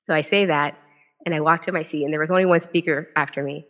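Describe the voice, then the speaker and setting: An author and former legislator stands at a podium at a public event, telling a personal story to a live audience in a deep voice. She's animated, restarting quickly and quoting dialogue. The event recording is dull and lo-fi.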